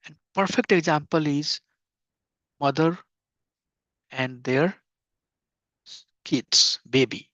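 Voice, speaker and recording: A middle-aged spiritual teacher leads a devotional class earnestly, repeating phrases for emphasis. His voice is on the high side and a bit bright, and he speaks slowly with frequent pauses. The recording is dry, dull, and lo-fi, with no room sound.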